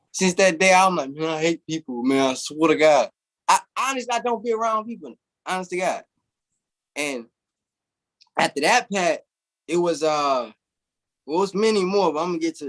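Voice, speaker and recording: A man guest telling lively stories in a casual, slangy way, often saying "bro". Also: high-pitched, normal speed, long pauses. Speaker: interview guest. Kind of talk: casual storytelling.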